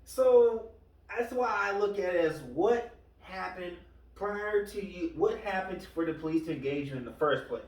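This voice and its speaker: A man's voice: high-pitched, expressive, moderate pace. Male podcast host, loose rambling delivery, recorded off-mic in a roomy space. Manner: rambling, retells stories with quoted voices. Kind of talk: casual podcast chat. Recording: echoey room, far from the mic.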